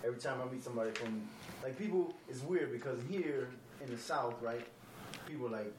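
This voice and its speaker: A man's voice: medium pitch, brisk, roomy sound, recorded from a distance, noisy background. A man born in Brooklyn who grew up moving around with the military, telling joking anecdotes in a casual chat. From born in Brooklyn, raised as a military child.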